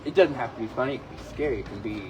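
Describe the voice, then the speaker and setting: A man's voice: mid-range voice, racing, noisy background. A man interviewing a musician in a loose, rambling way, restarting his questions as he goes. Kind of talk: casual interview.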